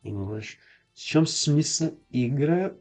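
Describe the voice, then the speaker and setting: A slightly high, expressive male voice with a darkish tone chats casually during a game stream, faint music in the background. The American streamer is learning French and halts frequently, trying phrases out and stopping to repeat them.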